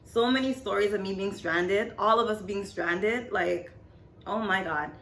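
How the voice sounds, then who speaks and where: A woman's voice: medium pitch, unhurried, fairly bright tone, slight background noise. A woman in her twenties telling a story to camera in a rambling, casual way, full of "like, you know". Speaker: storytime vlogger. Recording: echoey room.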